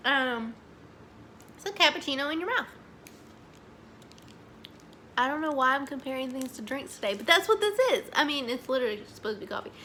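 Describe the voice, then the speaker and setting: A young woman, chatting excitedly as she reviews snacks, saying "y'all" a lot. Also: sits high, slight background noise. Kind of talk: casual chat.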